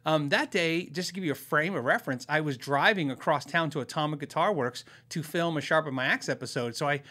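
Chatty, bright-voiced podcast host. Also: male voice, fairly high pitch, fast talker. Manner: chatty, self-deprecating, acts out quoted voices. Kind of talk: casual storytelling.

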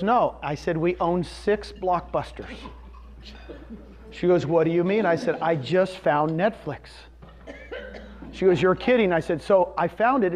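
In a dull, lo-fi recording, a real estate presenter in his fifties addresses a live audience, sharing a personal story and putting questions to the room. His voice sits high with a darkish tone.

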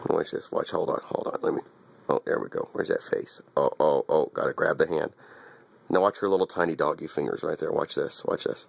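A man's voice: a bass voice, fairly quick, creaky, dry recording. A man giving a wry, teasing running commentary as he films his little dog, often repeating himself. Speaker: dog owner filming his pet. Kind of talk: casual running commentary to camera.

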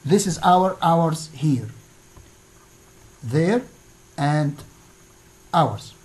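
A woman teaching an English lesson, reading out exercise answers one by one with pauses. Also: sits low, expressive, a little mellow, poor audio. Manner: slow, deliberate, pausing after each answer.

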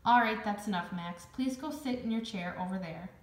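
A woman's voice: mid-range voice, moderate pace, lightly acted. A woman reading the part of a strict female schoolteacher in a storybook, firm and patient. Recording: roomy echo.

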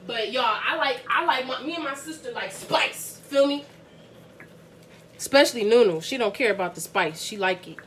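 A woman's voice: on the high side, lively intonation, moderate pace, a bit bright, slight background noise. A young woman from the Bronx, chatting casually to viewers as she cooks dinner in her home kitchen, laughing often. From the Bronx, New York. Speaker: family vlogger cooking dinner. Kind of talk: casual cooking vlog chat.

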